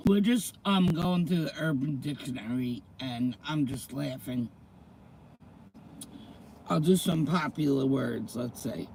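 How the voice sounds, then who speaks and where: A man's voice: medium pitch, animated, takes it slowly, gravelly, long pauses, a little mellow, slight background noise, rough recording. A middle-aged man hosting a casual livestream, chatting with viewers, greeting them by name and reading slang terms aloud. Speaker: livestream host.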